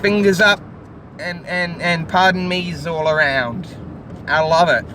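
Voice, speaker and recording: A high-pitched man, tipsy and animated, rambles through crude jokes while sitting in a car. Loud city traffic rumbles outside and fills the recording. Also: unhurried. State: tipsy from drinking. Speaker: vlogger host. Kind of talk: rambling casual banter. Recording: loud street traffic noise.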